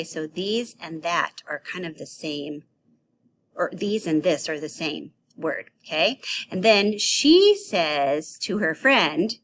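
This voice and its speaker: A woman teaching a children's grammar lesson on video, playful and animated, acting out example sentences. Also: fairly low pitch, a little hiss or hum.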